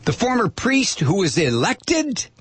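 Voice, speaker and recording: A man hosting a political talk radio show, delivering a sarcastic, animated monologue and reading listener messages. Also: sits high, unhurried, breathy edge. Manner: sarcastic, animated, mock voices for quoted people.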